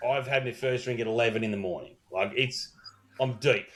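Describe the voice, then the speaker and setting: A man's voice: medium pitch, fairly quick. An Australian man co-hosting a podcast, telling a rambling, swear-heavy story in casual chat. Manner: profane, rambling storyteller with many restarts. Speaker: podcast co-host.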